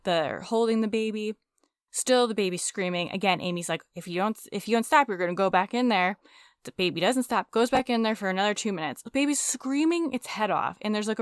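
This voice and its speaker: A woman co-hosts a casual podcast and retells events with emphatic indignation. Her voice is smooth and clear. The recording is dry and close. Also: medium pitch, no echo. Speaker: podcast co-host. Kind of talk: casual true-crime chat.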